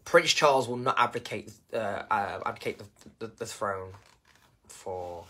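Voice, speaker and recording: A man's voice: on the low side, unhurried, fairly bright tone. A man from England with an English accent, talking casually and emotionally on a live stream, rambling and repeating himself.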